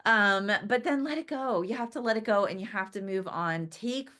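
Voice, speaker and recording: A woman's voice: mid-range voice, moderate pace, fairly bright tone. Chatty woman giving a motivational talk. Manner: chatty, laughs often, keeps asking "right?". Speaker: business trainer.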